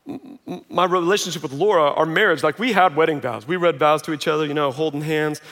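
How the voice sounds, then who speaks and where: Male pastor, high-pitched, casual and joking from the pulpit, recorded in a big reverberant auditorium. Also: quick pace. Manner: conversational, self-mocking, animated quoting. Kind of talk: sermon. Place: large auditorium. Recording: long reverb of a large hall.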